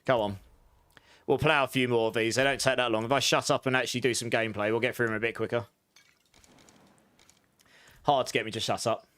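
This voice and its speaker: A man's voice: medium pitch, steady tone, brisk, pauses often, fairly bright tone. An English man chatting casually with his viewers during a live game stream, rambling and answering chat as he plays. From England.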